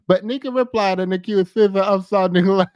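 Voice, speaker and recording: A man's voice: sits high, fairly quick, darkish tone, clean tone, no echo, lo-fi sound. A man giving casual, chatty commentary on celebrity drama, laughing often as he talks. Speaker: pop culture commentator.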